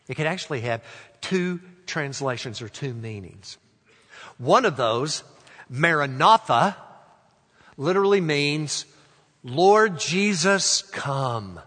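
Slow-preaching man in an echoing hall. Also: fairly high pitch. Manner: slow deliberate preaching, drawing out quoted phrases softly. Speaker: pastor. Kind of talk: sermon. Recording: long hall reverb.

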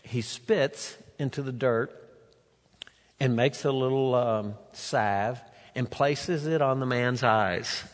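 A man preaching a sermon, retelling a scripture story with animated voices for the characters. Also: mid-range voice, slow pace. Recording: long reverb of a large hall.

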